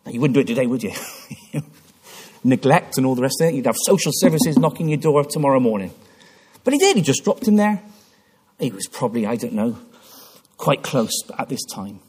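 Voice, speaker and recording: A man's voice: mid-range voice, sing-song, brisk, long pauses, darkish tone, husky. A man preaching a sermon in church, telling a story with passion and frequent restarts. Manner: impassioned storytelling with repeated restarts.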